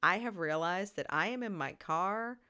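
A woman co-hosting a casual podcast with a slightly low but bright voice. She rambles through her story, linking each step with "and then". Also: lively intonation, moderate pace. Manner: chatty, rambling, piles up clauses with "and then". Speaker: teacher and podcast co-host. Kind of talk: casual chat.

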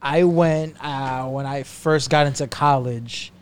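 A man's voice: mid-range voice, fairly even intonation, slow pace, clean tone. A young man, casually telling a story to his podcast co-hosts, laid-back with slang and fillers. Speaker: podcast co-host. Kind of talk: casual chat.

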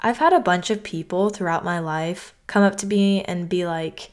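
A woman's voice: lowish voice, moderate pace, hardly any pauses. A young woman from North Carolina hosting her own podcast, talking earnestly and conversationally, often saying "like". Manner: earnest, conversational, heavy use of "like". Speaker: podcast host. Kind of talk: reflective solo podcast talk.

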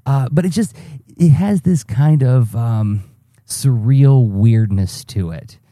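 A man's voice: mid-range voice, lively intonation, takes it slowly, mellow, no room sound, studio quality. A man hosting a solo podcast, rambling through a personal story with many fillers and restarts. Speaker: podcast host. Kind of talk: casual solo podcast monologue.

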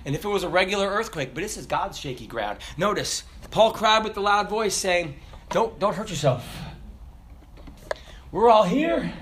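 A middle-aged male pastor with a high voice preaches an animated sermon. He asks the congregation questions and waits for their answers. He rises to loud exclamations, then drops to quiet asides. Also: moderate pace, slight background noise. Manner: animated call-and-response preaching, swinging between loud bursts and quiet asides.

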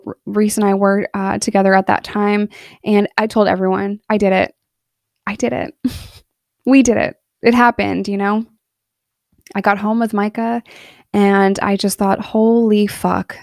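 A woman's voice: medium pitch, a little mellow, dry recording, studio quality. A woman in her thirties telling her personal story in a candid, earnest monologue, emotional in places. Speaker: podcast storyteller.

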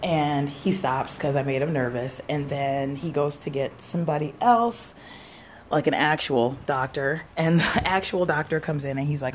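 Young woman w a low voice telling a story on her podcast, swears a lot, rambles, bit of hiss behind. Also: moderate pace. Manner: rambling, swears freely, quotes people in little voices. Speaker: podcast host. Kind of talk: casual storytelling monologue. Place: home, sipping a drink while recording.

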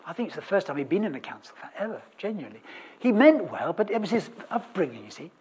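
A preacher giving a chatty, humorous sermon, telling a story with wry asides and questions to the congregation, with many restarts and sudden loud bursts of emphasis. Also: medium pitch, big pitch swings, quick pace, breathy edge. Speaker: preacher in a church service.

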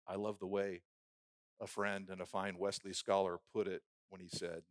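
A man preaching a sermon who builds phrases into rhythmic lists and drops from loud emphasis to a hushed, prayerful murmur. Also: low voice, level tone, moderate pace, no echo, studio quality.

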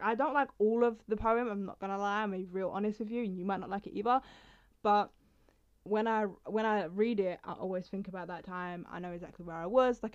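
A young woman vlogger talking casually about her poems and reading them, rambling and interrupting herself as she goes. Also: medium pitch. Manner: rambling, chatty, self-interrupting. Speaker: poetry vlogger. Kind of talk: casual chat and poetry reading. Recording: slightly dull lo-fi sound.

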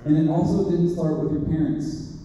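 A man's voice: on the high side, fairly even intonation, normal speed, warm tone. A man preaching a sermon in a conversational storytelling way, acting out characters as he tells the story. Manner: conversational, acts out characters in quotes. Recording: roomy hall, distant mic, dull sound.

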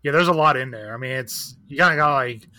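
Man guest, bright tense tone, candid loose chatter with lots of fillers. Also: medium pitch, fast, no echo. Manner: candid, profane, rambling with many fillers. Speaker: guest, record shop owner. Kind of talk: casual chat.

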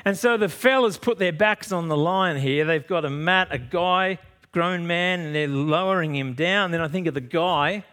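Pastor telling a Bible story. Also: male voice, fairly high pitch, normal speed, smooth. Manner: lively storytelling, swings from loud to soft. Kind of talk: sermon.

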